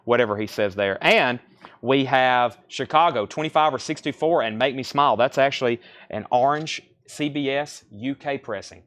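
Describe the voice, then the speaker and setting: Fast-talking man running a live record sale. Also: medium pitch, fairly bright tone. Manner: rapid, brisk listing of records and prices. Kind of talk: fast live-stream sales patter. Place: record store.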